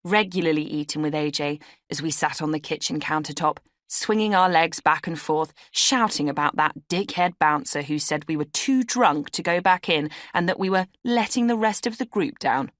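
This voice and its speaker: A woman's voice: deep voice, normal speed, few pauses, fairly bright tone, no echo, clean studio sound. A woman reading her own memoir as an audiobook, telling it in a wry, conversational way. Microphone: studio microphone.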